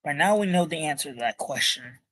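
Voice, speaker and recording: A man's voice: on the high side, animated, fairly quick, fairly bright tone. A man casually reading a comic book aloud, stumbling over words and chatting in asides.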